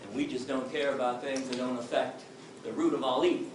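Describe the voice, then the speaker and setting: A man's voice: medium pitch, steady tone, fairly quick. A middle-aged man giving an impassioned, emphatic talk to a crowd, telling his story. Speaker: activist speaker. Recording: distant echoey room with noise.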